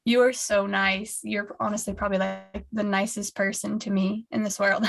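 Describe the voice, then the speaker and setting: A woman's voice: mid-range voice, measured pace, creaky, a bit bright. A woman co-hosting a fan podcast, chatting in a gushing, casual way with lots of likes and restarts. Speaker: co-host.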